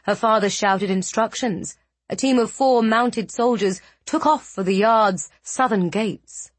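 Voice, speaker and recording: A woman narrating a fantasy novel with measured, dramatic storytelling. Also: medium pitch, dry recording. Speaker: audiobook narrator.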